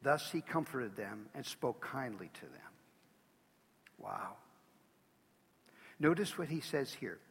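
Husky-voiced pastor preaching in a hall. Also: male voice, mid-range voice, very animated, slow, pauses often, a bit bright. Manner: earnest, emphatic preaching with pleading rises. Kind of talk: sermon.

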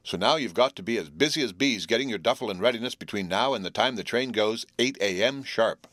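Steady, earnest teenage boy leader in a storybook, voiced by a man. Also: lowish voice, fairly quick, no room sound. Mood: explaining. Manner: earnest, explaining.

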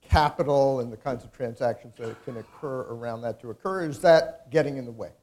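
A man's voice: mid-range voice, a little fast, a little mellow. A man moderating a panel discussion, asking questions with hesitant restarts.

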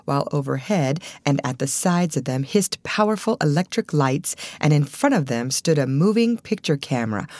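A woman narrating a storybook in a steady reading manner. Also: deep voice, no room sound. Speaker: audiobook narrator. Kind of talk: scripted narration.

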